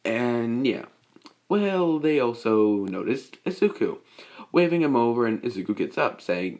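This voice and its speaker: A man's voice: medium pitch, very animated, unhurried, a little mellow. A young man improvising a fan-made story, rambling and restarting with lots of fillers. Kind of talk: improvised fan-fiction narration.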